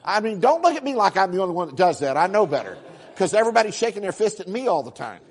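A man preaching a sermon, telling stories with animated acted-out exclamations and quick repeated starts. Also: high-pitched. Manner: animated, acts out voices and exclamations, frequent repeated words. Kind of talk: sermon storytelling.

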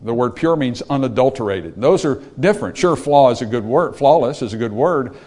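A man's voice: medium pitch, animated, fairly quick, a little mellow. Emphatic male preacher, mid-range voice, sermon delivery with questions to the room. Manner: emphatic, repeats words, asks the congregation questions. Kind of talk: sermon with slides.

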